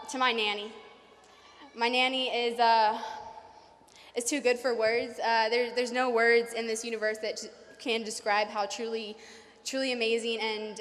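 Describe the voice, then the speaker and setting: Young woman, nervous graduation speaker, high and bright, long hall echo. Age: young adult. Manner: nervous, fast, many fillers. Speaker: salutatorian giving a graduation speech. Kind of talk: graduation speech. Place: large hall. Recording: reverberant hall.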